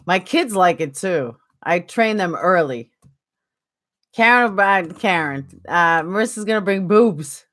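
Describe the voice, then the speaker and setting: A woman's voice: fairly low pitch, animated, measured pace, fairly bright tone. A woman with a New York accent chatting casually on a live stream, answering viewers by name.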